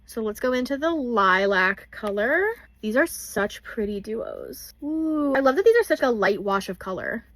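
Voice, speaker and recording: A woman's voice: fairly high pitch, expressive, normal speed, fairly bright tone, no echo. A young woman chatting casually as she swatches makeup in a vlog, gushing over products. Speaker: beauty vlogger.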